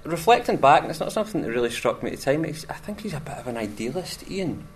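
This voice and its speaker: A man, an actor, talking in an interview in a measured, searching way. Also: fairly high pitch, very animated, a little hiss or hum.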